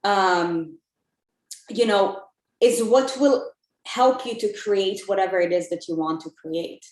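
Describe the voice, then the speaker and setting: A woman sharing reflections as a podcast guest, in a mid-pitched voice. She talks casually with fillers. The audio has a roomy, echoey sound. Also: slow. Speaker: interview guest. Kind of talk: casual interview chat.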